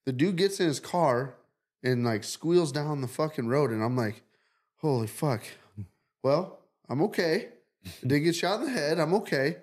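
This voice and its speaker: A man's voice: fairly high pitch, animated, moderate pace, darkish tone. A man casually telling a long dream story on a podcast, rambling and profane, acting out quotes. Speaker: podcast co-host.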